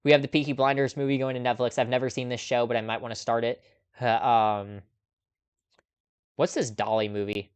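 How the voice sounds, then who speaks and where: A man hosts a relaxed live movie chat, rambling casually and laughing softly between thoughts. His voice is smooth and clear, sitting at an ordinary middle pitch. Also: moderate pace. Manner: chatty, laughs often, lots of ums. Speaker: host.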